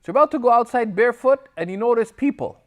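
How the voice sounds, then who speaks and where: This Islamic teacher has a high voice and a quick pace, and he delivers a recorded class lecture with plenty of energy. He alternates between Arabic text and English explanation. Along the way he tells anecdotes and briefly acts out the dialogue.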